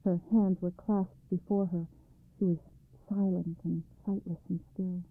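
A woman narrating a storybook in a calm, measured read-aloud way, on a tinny recording. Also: fairly low pitch, slightly rough. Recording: dry, tinny phone-like sound.

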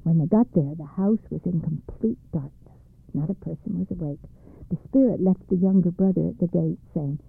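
A storyteller reading a folktale aloud in a measured, expressive way. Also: medium pitch, vocal fry, slightly rough. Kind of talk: storybook narration. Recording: dry, phone-like narrow band.

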